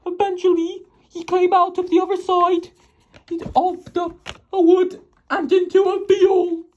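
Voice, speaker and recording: A very high-pitched AI voice narrates a children's storybook, stumbling and restarting phrases often. The tone is mellow and soft-edged, and the audio sounds dull and lo-fi. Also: little pitch movement. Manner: halting, with many restarts and stumbles.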